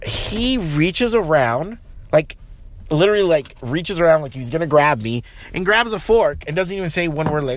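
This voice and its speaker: A man hosting his own podcast, ranting heatedly with lots of swearing and restarts, then settling into a calmer, lower tone. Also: normal speed. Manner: profane, rambling, frequent restarts. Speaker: podcast host. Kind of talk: casual solo podcast rant.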